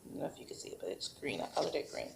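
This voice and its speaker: A woman preschool teacher demonstrating a craft activity at home and giving parenting tips, speaking slowly and patiently. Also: background noise. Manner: patient, slow and encouraging, models sing-song animal sounds for toddlers.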